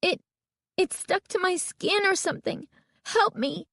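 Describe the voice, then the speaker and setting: A woman voicing a panicky young girl with a shrill, pleading voice. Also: unhurried, creaky, a bit bright, dry recording, exaggerated voice.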